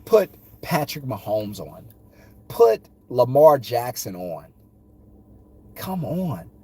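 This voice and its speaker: A man's voice: mid-range voice, very animated, takes it slowly, a little mellow, breathy edge. A man vlogging his opinions on sports, talking in emphatic, punchy, repeated phrases while in a car. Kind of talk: casual opinion rant.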